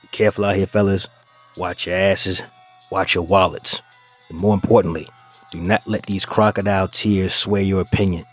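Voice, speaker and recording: A man's voice: low-pitched, little pitch movement, normal speed, faint music behind. A man hosting a reaction video, giving mocking commentary and addressing his listeners as fellas.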